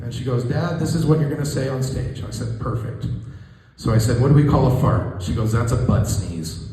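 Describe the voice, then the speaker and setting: A man in his thirties doing a stand-up comedy set in a small room, talking in a halting, self-deprecating way with many restarts. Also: medium pitch, dark tone. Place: small room with a live audience. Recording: echoey room recording. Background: audience laughter.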